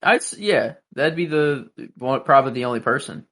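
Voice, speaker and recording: Male podcast co-host, mid-pitched with a lively, animated delivery, hesitant and musing. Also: normal speed. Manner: musing, hesitant, many fillers and restarts. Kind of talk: casual chat.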